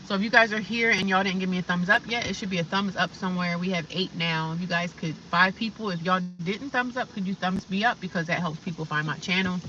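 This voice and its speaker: A woman's voice: on the low side, fast, hardly any pauses, pushed and bright, distant mic, lo-fi sound, a little hiss or hum. A woman chatting casually on a livestream from her car, rambling and talking straight to her viewers. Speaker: livestreaming vlogger. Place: inside a parked or slowly driving car.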